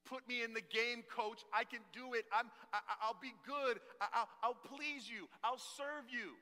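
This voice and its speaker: A preacher acting out a young warrior who is pleading desperately to be allowed into battle. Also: male voice, steady tone, moderate pace, pushed and bright, heavily acted. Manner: begging, high and strained. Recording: long church hall reverb.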